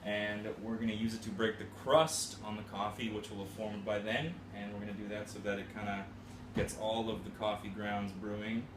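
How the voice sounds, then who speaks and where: Man, lowish voice, playful how-to host, echoey home room. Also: little pitch movement, moderate pace. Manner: playful, goofy catchphrases. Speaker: coffee-brewing demonstrator. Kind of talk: casual how-to demonstration. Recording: roomy room with faint ambient hum.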